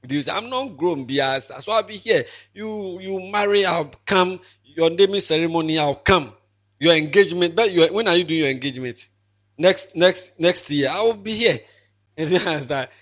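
A man's voice: fairly high pitch, moderate pace, a bit bright. A young man in his twenties with a Ghanaian accent, a pastor giving an emotional, joking farewell sermon with lots of repetition. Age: 20s.

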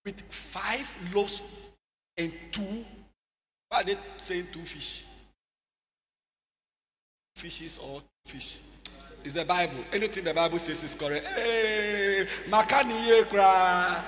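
A man preaching a sermon in a church hall, leading call-and-response and slipping into sing-song shouts. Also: high voice, takes it slowly, pauses often, a little hiss or hum.

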